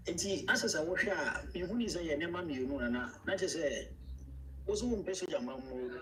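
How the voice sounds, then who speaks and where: A man with a Ghanaian accent, an interviewer asking a long question with pauses and restarts. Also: fairly high pitch, animated, noisy background. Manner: halting, searches for words. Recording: distant mic with a crowd behind.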